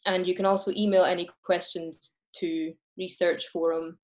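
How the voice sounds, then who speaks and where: A woman's voice: on the low side, steady tone, normal speed, hardly any pauses. Scottish woman hosting an online talk. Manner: earnest, with small restarts when speaking freely. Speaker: host. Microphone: video call.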